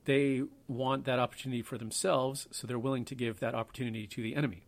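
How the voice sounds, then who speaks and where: A man's voice: mid-range voice, steady tone, fast talker, vocal fry. Guy hosting a history podcast, rambly and offhand, jokes at his own expense. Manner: rambling, offhand, self-deprecating asides. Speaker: podcast host. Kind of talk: casual history podcast talk.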